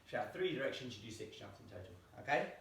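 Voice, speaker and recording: This man has a medium-pitched voice that's gravelly, a bit bright and very animated, and he races as he calls out reps mid-jump during a home exercise lesson, winding himself. The echoey small room and far-off mic shape the sound.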